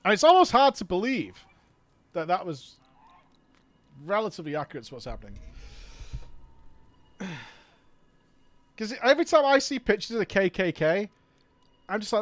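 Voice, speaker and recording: A man's voice: high voice, very animated, moderate pace, pauses often. Brief: guy chatting on stream, loose and sweary, trailing off mid-thought. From United Kingdom. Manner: rambling, swears freely, trails off searching for words. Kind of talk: casual chat while gaming.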